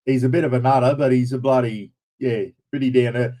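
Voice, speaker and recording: A man's voice: medium pitch, fairly even intonation, a little fast, dark tone, poor audio. Chatty Australian man, blunt and casual. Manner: chatty and blunt, mild swearing, greets viewers by name. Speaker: livestream host. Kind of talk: casual chat.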